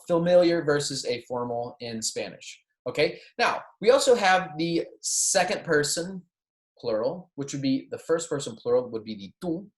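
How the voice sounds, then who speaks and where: This is a recorded beginner Spanish lesson led by a man who repeats phrases for his students, checks in with "okay?" and "right?" and makes light jokes along the way. His voice is on the high side, and the room has an echo.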